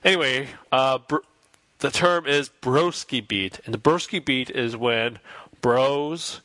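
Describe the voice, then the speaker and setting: A man's voice: medium pitch, takes it slowly, bright, forceful tone, no room sound. A man co-hosting a podcast, explaining things in a laid-back, wry way. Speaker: podcast co-host. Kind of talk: casual chat.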